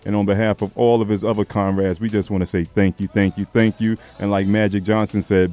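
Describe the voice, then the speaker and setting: A radio host with a lowish voice runs a live tribute call-in, talking briskly with barely a pause. He's lively and affectionate, calling his callers baby and darling.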